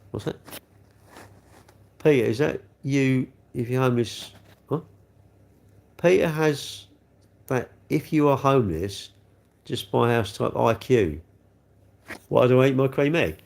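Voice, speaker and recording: A man's voice: mid-range voice, gravelly, darkish tone. A middle-aged man from England with an English accent, chatting casually on a livestream, rambling and poking fun at himself as he reads out comments. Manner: rambling, chatty, self-mocking. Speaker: livestream host.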